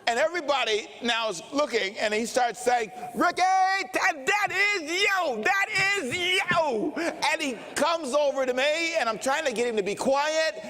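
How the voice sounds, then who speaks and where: An older male pastor preaching a sermon, telling stories slowly and dramatically. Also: very high voice, a bit bright. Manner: slow, dramatic preaching with storytelling. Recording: long reverb of a large hall.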